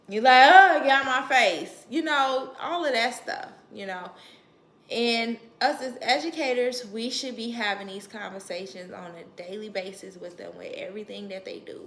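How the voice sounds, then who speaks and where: A woman's voice: on the high side, fairly bright tone, reverberant. A woman educator giving earnest, emphatic parenting advice to the camera in a casual vlog. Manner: earnest, emphatic, laughs at herself.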